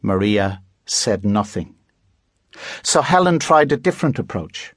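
A man reads a children's story aloud at a slow, unhurried pace in a measured storytelling manner. The sound is close and dry. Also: on the low side, big pitch swings, breathy edge, dry recording. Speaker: audiobook narrator. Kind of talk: scripted children's book narration.

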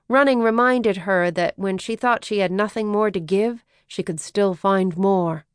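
Smooth-voiced woman reading an audiobook. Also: mid-range voice, no echo, clean studio sound. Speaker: audiobook narrator. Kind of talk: scripted audiobook narration.

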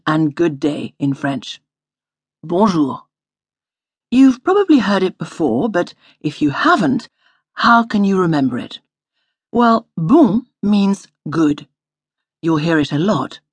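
A woman instructor reading a scripted audio language lesson in a studio, slowly modelling each word to repeat. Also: lowish voice, husky, dry recording. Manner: patient, slow model pronunciation.

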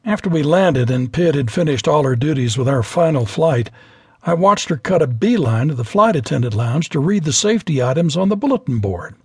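Husky, lively male memoir narrator. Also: fairly high pitch, dry recording, studio quality. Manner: lively storytelling, voices every character. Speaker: audiobook narrator.

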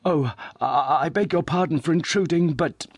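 A man reads an ungainly, timid man around thirty who stammers and defers at every turn. The voice sits higher than the narrator's own and is recorded dry and close. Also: moderate pace, breathy edge, dry recording.

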